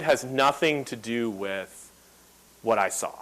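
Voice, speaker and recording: A man's voice: mid-range voice, unhurried, rough recording. A man in his thirties giving a talk on a lapel mic, telling a story and acting out the quotes. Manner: animated, acts out quotes. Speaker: guest speaker.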